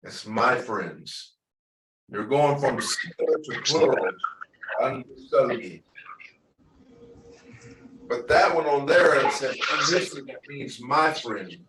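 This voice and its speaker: A man's voice: mid-range voice, lively intonation, slow pace, pauses often. A man teaching a language class, patiently repeating words and asking students to say them back. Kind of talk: online language class instruction. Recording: echoey, distant mic with noise.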